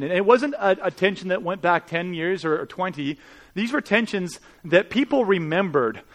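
A man preaching a sermon in an earnest, conversational way, with rhetorical questions to the congregation. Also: sits high. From Canada. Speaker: pastor.

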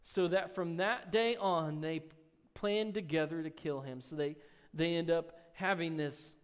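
High-voiced man preaching in a reverberant hall. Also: fairly even intonation, measured pace, clean tone. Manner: reads scripture aloud, then explains in casual asides; rises in pitch and volume on key lines. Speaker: pastor. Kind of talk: sermon. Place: church sanctuary. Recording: long church hall reverb.

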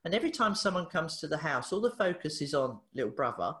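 A woman, a therapist guest on a podcast, telling a story in a lively way, acting out the dialogue and laughing often. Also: sits low, fast. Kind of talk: animated storytelling in an interview. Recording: echoey room.

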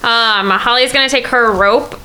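Bright-voiced woman playing a tabletop game. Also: fairly high pitch, poor audio. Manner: giggly, quick to act out her character. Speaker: player.

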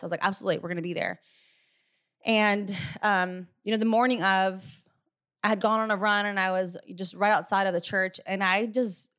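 A woman's voice: fairly low pitch, fairly bright tone. A young woman telling her viewers an earnest personal faith testimony, confiding and casual, with many asides to them. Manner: earnest and confiding, often says "you guys" and "like". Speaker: business team leader.

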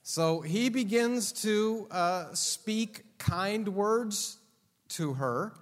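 Slow-speaking man lecturing in a reverberant hall. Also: sits high. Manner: joking, teasing the audience. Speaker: Bible teacher. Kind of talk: classroom lecture. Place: classroom with an audience.

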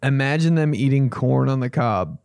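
A man hosting a comedy podcast, riffing in a casual, animated way and swearing freely. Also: medium pitch, normal speed, vocal fry, clean tone, no echo, studio quality.

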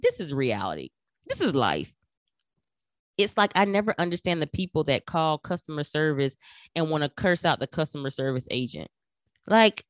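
A middle-aged woman coaching listeners on their careers, her voice sitting a little low for a woman. She talks with emphatic, animated energy and acts out the remarks she quotes. The sound is dry and close, with no room around it. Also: no room sound. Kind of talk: instructional talk.

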